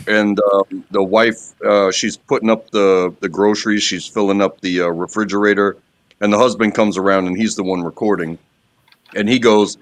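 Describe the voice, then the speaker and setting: Low-voiced man telling a rambling story. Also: normal speed. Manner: rambling storyteller with dry jokes. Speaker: panelist. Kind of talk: casual chat.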